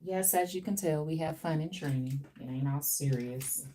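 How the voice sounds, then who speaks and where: This live-streaming hairstylist keeps up playful chat with viewers during her work, her low, dark-toned voice at normal speed. She's recorded from a distance, off-mic, with a faint wash of background noise.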